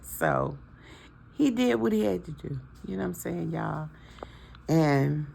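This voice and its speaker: A woman's voice: lowish voice, creaky. A woman in her fifties talking to her followers in a casual, heartfelt and preachy way, emotional about her family. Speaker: vlogger. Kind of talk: casual heartfelt talk to camera.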